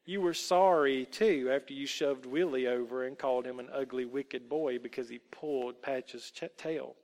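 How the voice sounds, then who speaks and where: A man voicing a middle-aged Christian aunt who speaks softly but sternly, gently lecturing a child. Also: mid-range voice, normal speed, lightly acted. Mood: gently scolding. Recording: long hall reverb.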